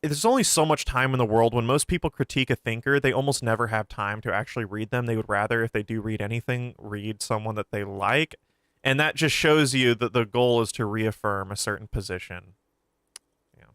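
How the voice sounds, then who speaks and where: A man's voice: fairly low pitch, brisk, fairly bright tone, clear, resonant tone, no room sound, studio quality. A man streaming a game, chatting casually to his viewers in a rambling way that often trails off. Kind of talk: casual commentary while playing.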